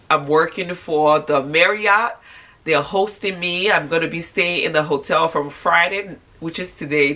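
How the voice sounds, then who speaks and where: Congested woman vlogging from bed. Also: bright, forceful tone. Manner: low-energy, tired, chatty. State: congested, stuffy nose. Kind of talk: casual morning vlog talk to camera. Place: at home in bed.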